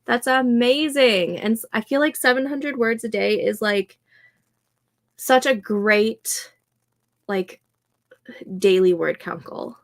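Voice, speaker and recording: Slow-talking woman live-streaming writing sprints. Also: on the high side. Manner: unhurried, reads viewer comments aloud and reacts warmly. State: stuffy from allergies. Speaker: livestream host running writing sprints. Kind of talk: casual live-stream chat.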